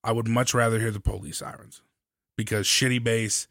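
Brief: man with a bright, forceful tone, blunt profane rant, dry close mic. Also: lowish voice, steady tone, brisk, gravelly, no echo. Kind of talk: casual chat.

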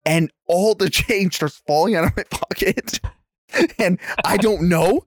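A man's voice: high-pitched, unhurried, no room sound. Profane, laughing podcast guy, dry sound. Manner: profane, laughing, animated storyteller. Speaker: podcast co-host. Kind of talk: casual chat, storytelling.

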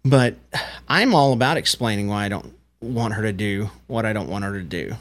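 A man's voice: lowish voice, lively intonation, normal speed, a bit bright. A man in his thirties co-hosting a casual parenting podcast, talking earnestly and explaining his views with frequent restarts. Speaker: podcast co-host.

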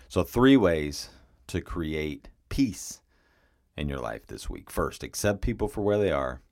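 A man's voice: a bass voice, vocal fry, a little mellow, no room sound, clean studio sound. A man hosting a solo advice podcast, speaking earnestly and addressing the listener directly. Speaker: podcast host, relationship coach.

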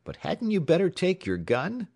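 A man's voice: high voice, wildly swooping pitch, moderate pace, gravelly, a little mellow, dry recording, clean studio sound, pitched above the performer's own voice, full character voice. A man voicing a sly male time clerk who speaks with false earnestness.

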